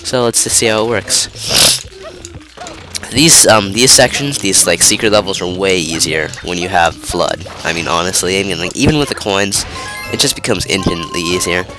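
Young man, very low voice, stuffy nose, rambling let's play commentary, game music behind. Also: normal speed. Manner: rambling, self-interrupting, lots of fillers. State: stuffy, nasal from a cold. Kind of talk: casual gameplay commentary.

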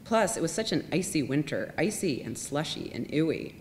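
A woman reads out a chatty young mother who gushes about the pretty day, her voice pitched up from a low base and still fairly full. It rings with a long reverb over a faint rumble. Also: sing-song, normal speed, darkish tone. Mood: gushing.

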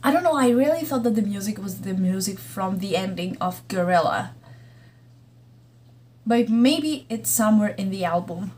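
A woman's voice: medium pitch, expressive, moderate pace, darkish tone, slight background noise. A woman hosting a reaction video, gushing and exclaiming as she watches, with faint music behind her. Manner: gushing, exclamatory, laughs and gasps often. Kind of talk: excited reaction commentary over a music video.

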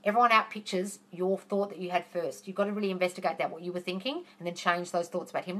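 A woman's voice: mid-range voice, steady tone, fast, pushed and bright. A woman hosting a live question-and-answer stream, answering viewers in a chatty, reassuring way and calling them darling. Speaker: manifesting coach hosting a live Q&A.

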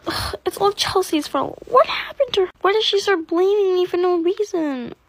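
A wronged schoolgirl, put on by a woman, pleads in a squeaky, strained voice. The sound is dry and close. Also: normal speed, dry recording, poor audio. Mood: distressed. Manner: high, pleading, protesting.

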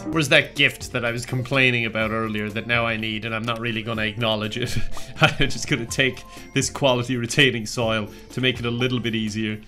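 A man's voice: medium pitch, sharp tone. A young Irish man giving let's play commentary in a sardonic, self-mocking way, laughing often. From Ireland. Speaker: gaming YouTuber. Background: faint game music.

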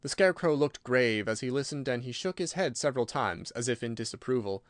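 A man narrating a children's fantasy book in a steady, even storytelling voice. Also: medium pitch, fairly quick, dry recording, studio quality. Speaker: audiobook reader. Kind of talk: scripted narration.

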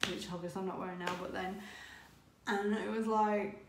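A woman telling a story excitedly in a casual vlog, with lots of "oh my God" and laughter. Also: mid-range voice, normal speed, reverberant, background noise. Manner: excitable, breathless retelling with frequent "oh my God" and laughs. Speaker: vlogger.

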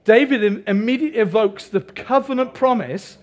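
A man preaching a sermon, animated, with asides to the congregation. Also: high-pitched, a little slow. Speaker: pastor.

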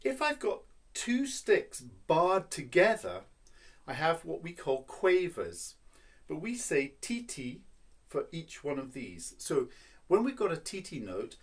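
A man's voice: a little high, big pitch swings, slow. A man teaching a children's violin lesson, patient and playful, counting beats and explaining step by step.

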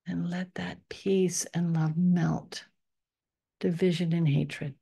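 Low gravelly lady leading a meditation, soft and slow, slips into whispers a lot. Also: steady tone. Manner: soft, unhurried, often drops to a whisper on affirmations. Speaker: spiritual teacher. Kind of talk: guided meditation.

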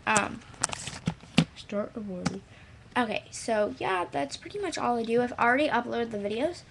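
A vlogger casually walks through a computer how-to at home, scattered and silly, drifting off-topic and trailing off into playful sounds. Her voice is a little high, animated, fairly quick and creaky, with background noise and dogs nearby.

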